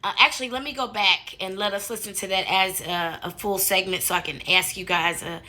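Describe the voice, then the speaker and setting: A woman's voice: mid-range voice, steady tone, fairly quick, bright, forceful tone. A woman hosting a casual commentary, talking in a sassy, colloquial way with laughing asides. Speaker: commentary host.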